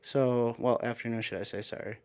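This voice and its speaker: A man with an Upstate New York accent tells a messy personal story in relaxed podcast chat. His voice sits at an ordinary middle pitch, and he talks loosely, stacking "like" and replaying both sides of arguments. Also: a little fast, clear, resonant tone. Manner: rambling, animated retelling with frequent "like" and quoted exchanges. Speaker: guest storyteller. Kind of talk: casual storytelling.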